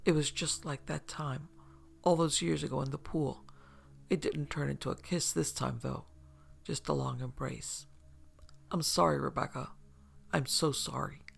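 A man telling a first-person story in a soft, measured voice that turns hushed at times. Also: fairly high pitch, steady tone, creaky. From upstate New York. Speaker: narrator.

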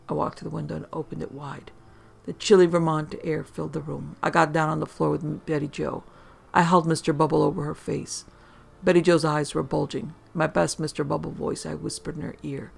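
A storyteller reading a dark comic tale in a deadpan, profane way. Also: medium pitch, fairly quick, creaky, slightly rough, faint music behind.

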